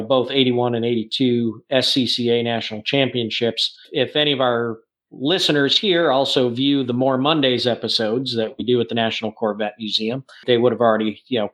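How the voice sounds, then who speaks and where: A man's voice: medium pitch, a bit bright. A man co-hosting a podcast, explaining things in detail in a casual, informative way, with frequent small restarts. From Northern United States. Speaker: podcast co-host, car museum expert.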